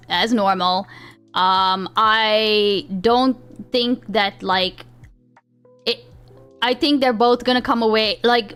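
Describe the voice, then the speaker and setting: In this casual live-stream chat, a woman talks to her viewers in a smooth, mid-range voice that's a bit bright. Her talk wanders as she keeps starting sentences over and breaking into laughter, while soft chill music plays faintly behind her.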